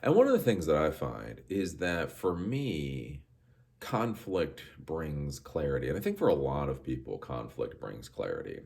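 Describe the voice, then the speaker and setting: A man's voice: extremely low pitch, big pitch swings, a little slow, vocal fry, darkish tone. A man hosting a podcast, telling a rambling story in a casual monologue with frequent restarts. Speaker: podcast host.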